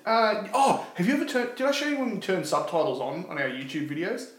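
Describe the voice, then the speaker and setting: A man's voice: high-pitched, quick pace. An Australian man co-hosting a podcast, rambling and laughing through casual banter, mocking himself. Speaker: podcast co-host. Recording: echoey room with faint noise.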